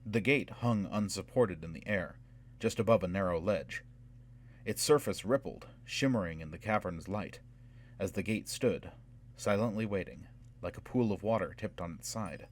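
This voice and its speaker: A man reading a fantasy novel aloud in measured, dramatic scripted narration. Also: sits low. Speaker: audiobook narrator.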